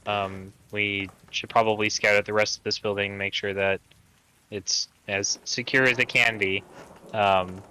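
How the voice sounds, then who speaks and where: A man playing an online tabletop game, calm and steady, speaking partly in character. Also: on the low side, unhurried, clear, resonant tone, low-quality recording. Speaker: player.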